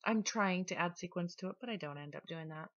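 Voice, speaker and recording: A woman talking casually through her scrapbooking process in a relaxed, chatty voice-over. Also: fairly low pitch, fairly quick, muffled recording. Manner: chatty, relaxed, with small restarts. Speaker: scrapbooking vlogger.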